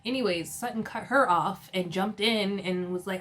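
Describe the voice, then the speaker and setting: A woman's voice: on the low side, normal speed, fairly bright tone, a little hiss or hum. A woman giving a casual, chatty recap of a reality TV episode, often laughing and filling her talk with "like". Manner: chatty, giggly, filler-heavy.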